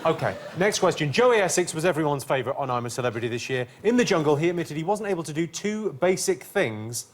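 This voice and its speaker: A man hosting a comedy quiz, delivering scripted deadpan one-liners in a TV studio. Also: on the high side, quick pace, hardly any pauses, a little hiss or hum. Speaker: quiz host. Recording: TV studio with audience laughter. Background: studio audience laughing.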